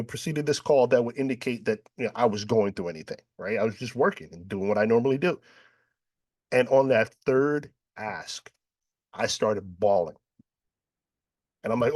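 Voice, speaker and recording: A man's voice: mid-range voice, no echo, studio quality. A man from New York hosting a panel, telling a personal story and acting out the dialogue. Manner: storytelling, acts out quoted dialogue, frequent "right?". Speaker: panel host. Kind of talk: panel discussion.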